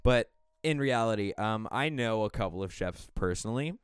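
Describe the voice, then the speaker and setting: Chatty smooth-voiced podcast host. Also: male voice, on the low side, lively intonation, normal speed, dry recording, faint music behind. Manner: chatty, swears, laughs a lot. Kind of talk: casual banter.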